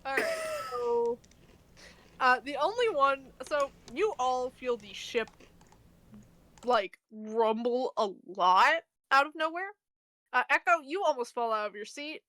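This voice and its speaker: Woman DM, high-ish lively delivery, chatty filler-heavy narration. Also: unhurried. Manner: loose, filler-heavy narration with frequent laughs. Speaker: dungeon master. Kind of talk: narrating a tabletop game.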